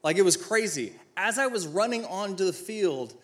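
Animated man telling stories with humor. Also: high-pitched, moderate pace. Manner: animated storyteller, acts out dialogue, self-mocking humor. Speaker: former football player giving a talk. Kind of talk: inspirational talk with personal stories.

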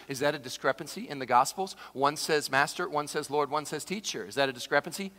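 Animated preacher man in a reverberant hall. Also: sits high, brisk, hardly any pauses. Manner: animated preacher, shouts dramatized quotes, then drops to a hush. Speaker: pastor. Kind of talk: sermon.

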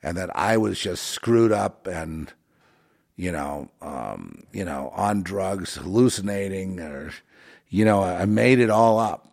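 A man hosting his own show, talking in a long rambling monologue with a lowish voice. He swings from loud outbursts to quiet muttering and fills his talk with fillers and restarts. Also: lively intonation, slow, gravelly. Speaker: show host.

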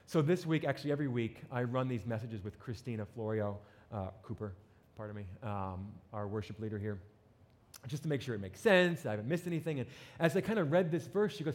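A man from New Jersey with a slight New Jersey accent, preaching a sermon as pastor with animated, joking asides to the congregation. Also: medium pitch, quick pace.

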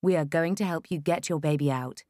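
A woman's voice: deep voice, a little fast, dark tone, no echo, studio quality, lightly acted. A woman voicing a reassuring, encouraging female midwife.

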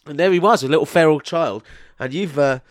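A man's voice: a little high, fairly quick, no room sound, studio quality. A man co-hosting a casual comedy podcast, teasing his partner and making silly mock announcements. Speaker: podcast co-host.

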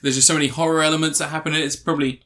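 A man's voice: fairly high pitch, little pitch movement, bright, forceful tone. A man co-hosting a podcast in casual chat, eager and often restarting his sentences. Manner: quick, restarting, enthusiastic. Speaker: podcast co-host.

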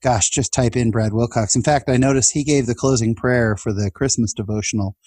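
A man's voice: medium pitch, fairly even intonation, brisk, dark tone, husky, no room sound. A man in his forties telling personal stories in a casual podcast chat, earnest and emotional, laughing now and then. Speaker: guest.

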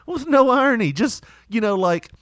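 A man telling stories in casual chat, animated and laughing often. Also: very high-pitched, normal speed, no room sound, clean studio sound.

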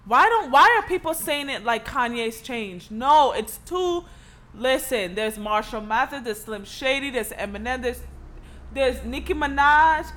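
A woman co-hosting a podcast in casual chat, talking loudly and bluntly with a lot of cursing. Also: sits high, animated, unhurried. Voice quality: loud, blunt, profane. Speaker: podcast co-host.

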